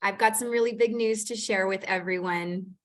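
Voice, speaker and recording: A woman's voice: mid-range voice, steady tone, normal speed. A woman, a city planner, leading a community committee meeting over a video call, chatty with many filler words. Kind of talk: online meeting facilitation.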